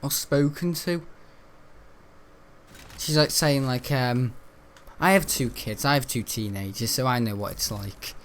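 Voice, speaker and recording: Teen lad chatting over a game, rambly and grumbly, bit of faint hiss behind. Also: male voice, medium pitch, a little slow, long pauses. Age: teens. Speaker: gaming channel host. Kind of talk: casual gameplay commentary.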